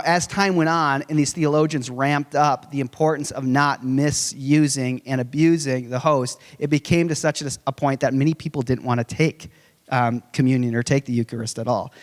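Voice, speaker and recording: A man in his forties, giving a conference lecture in a conversational, animated way with humorous storytelling. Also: medium pitch, normal speed. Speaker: conference speaker. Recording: long reverb of a large hall.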